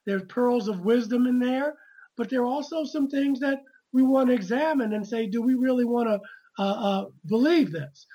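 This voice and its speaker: Author guest, female, husky voice, earnest with stumbling restarts. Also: fairly high pitch, mellow, highs cut off. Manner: earnest, repetitive stammering starts. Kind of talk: conversational interview.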